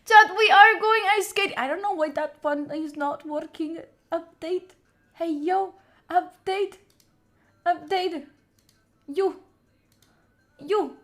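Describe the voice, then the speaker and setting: Young woman streaming, chatting with her viewers and thanking them one by one, high bright voice, gets excited fast. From Italy. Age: young adult. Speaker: study streamer. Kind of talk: casual live-stream chat.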